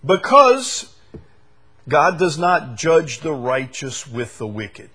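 A man preaching a sermon who swings from loud, emphatic declarations down to low, quiet scripture reading. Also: expressive, slow, slightly rough.

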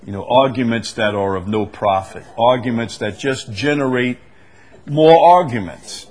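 A man leading a conversational Bible study, reading verses slowly and with weight, then explaining them with easy laughs. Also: medium pitch. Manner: animated, stresses quoted verses slowly, laughs often. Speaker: Bible teacher.

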